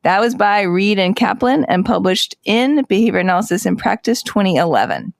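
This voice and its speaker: A woman's voice: medium pitch, animated, a little fast, vocal fry, dry recording. Upbeat female podcast co-host, dry mic. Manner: upbeat, reads out article titles, teasing. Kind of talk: casual podcast chat.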